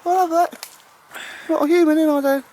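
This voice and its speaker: A man's voice: steady tone, fairly quick, a little mellow, slight background noise. A man voicing his own pet dog, a gushing, adoring male dog, outdoors in the woods. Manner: squeaky, gushing, sing-song.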